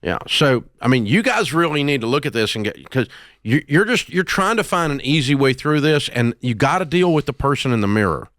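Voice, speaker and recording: A man's voice: medium pitch, very animated, fairly quick, a bit bright, dry recording, studio quality. A man hosting a call-in advice show, blunt and scolding but affectionate, with folksy turns of phrase. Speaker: radio talk show host. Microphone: studio microphone.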